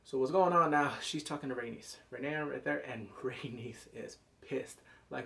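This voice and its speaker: A man reviewing a TV episode in excited casual commentary, cursing freely, breaking into loud exclamations and quick character impressions. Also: medium pitch, gravelly. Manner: animated, profane, jumps into loud exclamations; mimics characters in quick asides.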